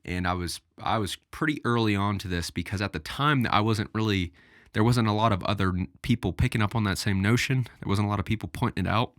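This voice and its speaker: A man with a fairly low voice hosts a solo podcast, rambling casually and speaking straight to his listeners. He sounds a bit out of breath. The recording is dry and close, with no room sound. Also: fast, no room sound. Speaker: podcast host.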